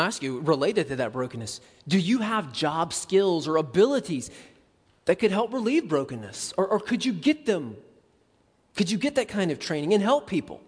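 A man preaching a sermon as a pastor, conversational and animated, acting out quick asides. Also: high-pitched, husky, long reverb tail.

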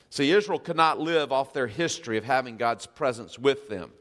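A man's voice: mid-range voice, animated, normal speed, hardly any pauses, a bit bright. Emphatic male pastor in a reverberant hall. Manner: emphatic, reads scripture aloud and asks the congregation questions. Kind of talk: sermon.

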